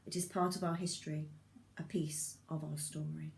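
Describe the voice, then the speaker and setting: A woman's voice: low-pitched, level tone, moderate pace, vocal fry, slight background noise. A woman reading as a weary, proud governor. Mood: firm, weary. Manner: formal, firm. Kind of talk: audiobook reading.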